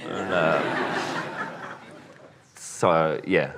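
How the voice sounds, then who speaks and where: A man answering interview questions as a filmmaker, relaxed and rambling, often restarting his sentences. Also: rumbling low, moderate pace, very noisy. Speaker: filmmaker guest.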